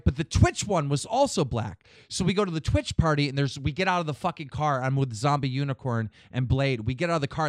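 Male podcast host, higher-pitched, dry close mic, profane and animated. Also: no echo. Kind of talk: casual podcast chat.

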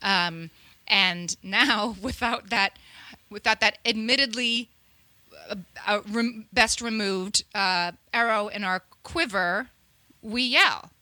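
A woman's voice: medium pitch, slow pace, bright, forceful tone, no echo. A woman co-hosting a podcast, chatting casually, laughing easily and explaining things with lots of restarts. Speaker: podcast co-host. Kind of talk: casual chat.

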